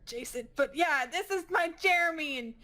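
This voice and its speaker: A woman voicing a brash, unhinged woman patient who snatches a baby, talking loud and aggressive. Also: high voice, lively intonation, moderate pace, pitched above the performer's own voice. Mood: insistent.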